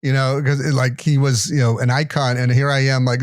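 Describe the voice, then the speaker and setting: A man's voice: mid-range voice, little pitch movement, brisk, few pauses, smooth, no echo, studio quality. A man in his fifties co-hosting a podcast, telling rambling, self-deprecating anecdotes full of restarts. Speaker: podcast co-host. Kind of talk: casual chat, storytelling.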